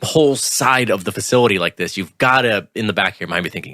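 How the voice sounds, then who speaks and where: A man co-hosting a podcast, talking in an animated, loose way and swearing casually. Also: fairly low pitch, fast talker, few pauses, no echo, studio quality. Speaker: podcast co-host.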